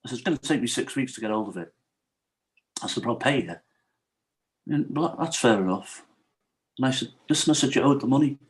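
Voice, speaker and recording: A man's voice: medium pitch, expressive, a little fast, pauses often, low-quality recording. A man, a podcast guest, telling a true story in a casual interview and acting out the quoted dialogue.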